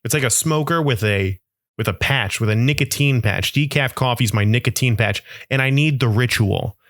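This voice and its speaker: A man's voice: medium pitch, normal speed, a bit bright, dry recording, studio quality. Rambling young man doing comic monologue. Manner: rambling, self-mocking storytelling. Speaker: podcast host.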